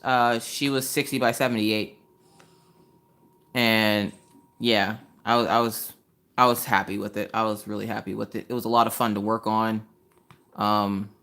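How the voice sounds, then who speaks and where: A woman's voice: extremely low pitch, fairly bright tone. A woman hosting a casual craft livestream, chatting with viewers in a chatty, exasperated way and firing off rhetorical questions. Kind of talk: casual chat with live viewers. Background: chewing ice between sentences.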